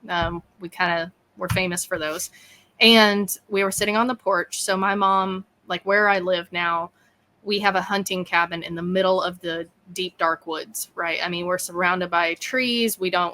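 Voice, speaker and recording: Bright-voiced woman telling a story. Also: fairly low pitch. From East Texas. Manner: animated, acts out quoted dialogue. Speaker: podcast host and guest. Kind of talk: casual interview storytelling.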